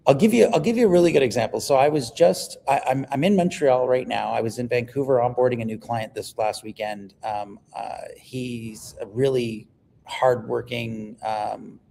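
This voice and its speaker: A man, a livestream guest telling stories in an animated, emphatic way. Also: mid-range voice, normal speed, gravelly, a little hiss or hum. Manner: animated storyteller, emphatic, repeats words when excited. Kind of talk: casual livestream conversation.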